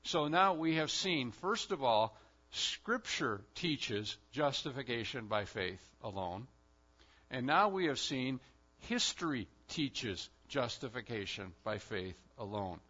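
A man preaching a sermon as pastor, in an emphatic style with sudden loud swells. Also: mid-range voice, big pitch swings, takes it slowly, breathy edge, lo-fi sound.

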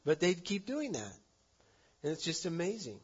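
A man preaching a sermon, earnest, rising to loud emphasis and dropping to soft endings. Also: a little high, big pitch swings, normal speed, husky, highs cut off. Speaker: pastor.

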